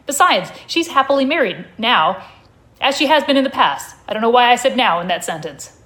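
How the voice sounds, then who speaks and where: A woman voicing a flustered, defensive male tiger who rambles through quick denials, as part of a comic story reading at a live show. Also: on the high side, big pitch swings, a bit bright, voice pushed up. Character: anxious, defensive male tiger, imaginary friend.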